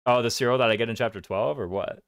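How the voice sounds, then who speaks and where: A man's voice: medium pitch, fast talker, clean tone, no room sound, studio quality. A man with a Southern US accent who drops his consonants, rambling and thinking aloud as he plays. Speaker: streamer playing a strategy game. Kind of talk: casual gameplay commentary. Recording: game music playing underneath. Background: game music.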